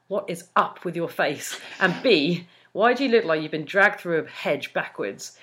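A woman's voice: fairly low pitch, lively intonation, moderate pace, fairly bright tone, a little hiss or hum, pitched below the performer's own voice. A woman voicing a blunt, nosy young female college student in a dubious mock Australian accent, sarcastic and laughing through the lines. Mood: teasing. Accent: put-on Australian.

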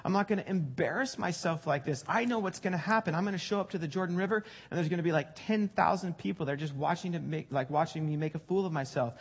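A man's voice: a little high, fast, few pauses, breathy edge. A man voicing a proud, indignant army commander who complains in long, huffy rambles. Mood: defiant.

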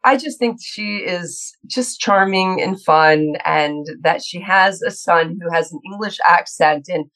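A woman's voice: on the low side, a little slow, few pauses, fairly bright tone, poor audio. A woman in her fifties, an actress guest in an interview, talking casually and bubbly with frequent laughs and restarts.

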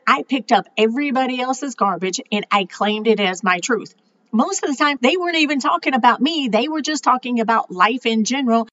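A woman's voice: medium pitch, a bit bright, highs cut off. A middle-aged woman hosting her own podcast, talking candidly and emotionally in a casual monologue, swearing freely. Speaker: podcast host.

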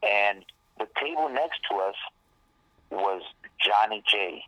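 Taking his time, a guest rapper with a lowish, expressive voice that sounds pushed and bright tells a profane, wandering story, voicing the dialogue of those in it. The audio has no echo but is of poor quality.

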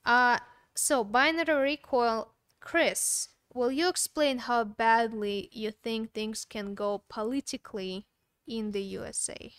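A woman with a foreign accent and a fairly high, smooth voice co-hosts a casual live stream. She reads viewer comments aloud a little hesitantly. The recording is dry and close. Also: steady tone, takes it slowly, a bit bright, no echo. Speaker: co-host reading viewer comments.

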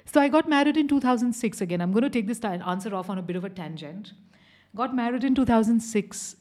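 A woman in her thirties from India, a podcast guest telling candid stories in an animated, exclamatory way. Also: fairly high pitch, quick pace. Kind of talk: candid storytelling chat.

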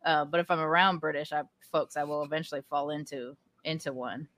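A woman in her thirties, a podcast guest, chatting casually and telling stories in a relaxed, reflective way. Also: deep voice, a little fast, dry recording. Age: 30s.

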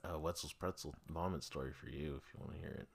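A man hosting a podcast, telling stories in a casual, profane, animated way. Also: extremely low pitch, fast, creaky. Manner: swearing storyteller, animated. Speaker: podcast host. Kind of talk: casual chat.

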